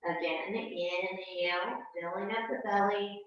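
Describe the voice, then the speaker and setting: A woman teaching a yoga and Pilates class, calmly talking students through each breath and movement. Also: medium pitch. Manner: calm, slow cueing of breath and movement. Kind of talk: guided exercise instruction. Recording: distant, echoey and dull.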